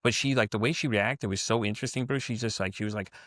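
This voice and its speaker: Fast-talking low-voiced male podcast host. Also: a bit bright, no room sound, clean studio sound. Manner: rambling, chatty storytelling. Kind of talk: casual interview chat.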